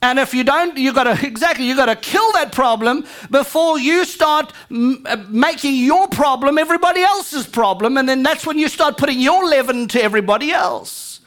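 High-voiced woman preaching with fire. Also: normal speed, few pauses. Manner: energetic, calls out to the congregation. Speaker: pastor. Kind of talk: live church sermon. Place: church sanctuary.

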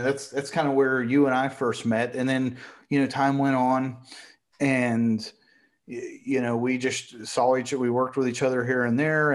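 A middle-aged man in a casual conversation, talking in a halting way and getting choked up as he recalls a loss. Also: medium pitch. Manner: halting, emotional, gets choked up.

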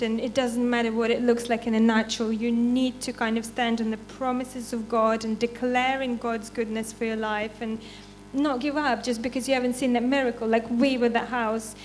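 A woman's voice: fairly high pitch, darkish tone, slight background noise. A woman giving an informal church testimony and reading scripture, chatty and unpolished, often breaking into laughs.

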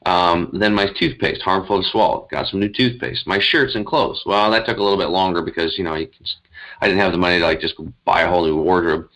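Low-pitched and steady, talking fast with a slightly bright edge, a middle-aged man who works as a health coach recounts his story in a casual interview. It's a rough recording, and his earnest, wandering delivery is packed with fillers and restarts.

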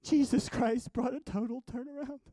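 A man with a high, light voice recounts his dreams and visions as a guest, swinging from near-whispers to raised bursts. The sound is dry and close, with no room around it. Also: normal speed, no room sound. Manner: animated, swinging from hushed to loud. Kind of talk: storytelling about dreams and visions.

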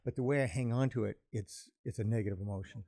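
A man talking calmly in a casual conversation, explaining his ideas at length in a reflective way. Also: medium pitch, quick pace, creaky, dry recording, clean studio sound. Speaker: podcast co-host.

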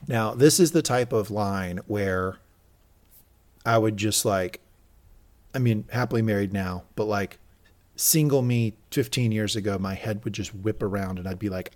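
A man's voice: on the low side, moderate pace. A man co-hosting a casual recap podcast, acting out quoted lines. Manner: animated, acts out quoted lines. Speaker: podcast co-host.

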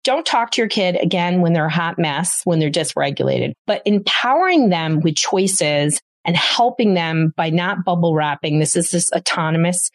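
A woman's voice: on the low side, expressive, normal speed, few pauses, no echo. A woman hosting a parenting podcast, giving emphatic advice straight to parents. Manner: emphatic, addresses parents directly. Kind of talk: solo podcast advice talk.

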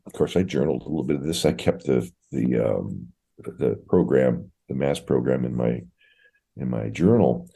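A man in his sixties, a priest guest from Oregon, telling his story in a relaxed, folksy, anecdotal way. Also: very deep voice, moderate pace, vocal fry, breathy edge. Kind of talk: casual interview storytelling.

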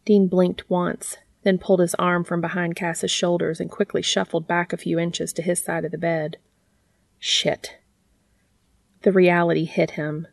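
A woman with a lowish voice narrates a story in a calm, even audiobook reading. The sound is dry and close to the mic, with no room around it. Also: moderate pace, gravelly, few pauses, dry recording. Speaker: fanfiction reader.

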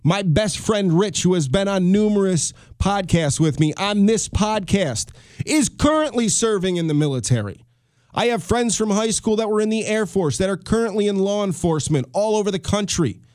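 Host, male, 30s, high-pitched, heated swearing rant, dry close mic. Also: animated, moderate pace, a little mellow, no echo. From United States. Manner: fired-up, swearing, repeats and restarts. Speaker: podcast host. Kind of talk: solo podcast rant.

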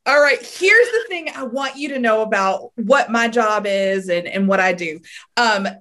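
Woman, 30s, speech therapist, podcast guest, chatty, slightly high pitch. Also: lively intonation, a little slow, bright, forceful tone. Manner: friendly, chatty, with filler ums. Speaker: speech language pathologist, guest. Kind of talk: interview.

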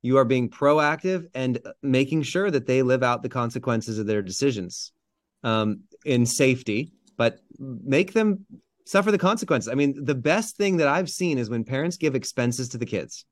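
A man talks earnestly in a relaxed podcast conversation and backs up the host's points. His voice sits in an ordinary middle range. The recording is dry and close. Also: medium pitch, normal speed, no echo. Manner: earnest, affirming. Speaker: podcast guest. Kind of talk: casual chat.

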